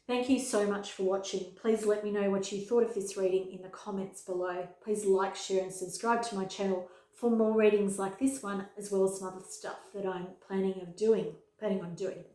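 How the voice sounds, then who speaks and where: A woman's voice: medium pitch, fairly even intonation, normal speed, few pauses, dark tone. A woman giving a pick-a-card tarot reading to camera, earnest and emphatic, repeating key words for weight. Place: home room with her dog nearby. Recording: echoey room.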